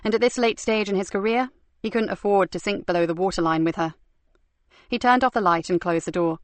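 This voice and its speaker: A woman narrating a crime novel audiobook with measured, even storytelling. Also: mid-range voice, dry recording. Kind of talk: scripted narration.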